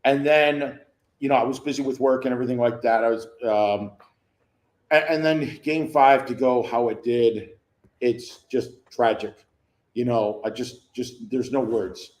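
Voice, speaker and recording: A man's voice: mid-range voice, steady tone, measured pace, a little mellow. A man in his fifties, a guest on a live sports chat, rambling with wry humor. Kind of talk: casual chat. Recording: echoey remote call audio.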